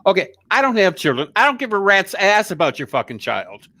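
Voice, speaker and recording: Brief: male co-host, lively swinging pitch, profane and heated, dry close sound. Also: a little fast, no room sound. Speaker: podcast co-host. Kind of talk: casual chat.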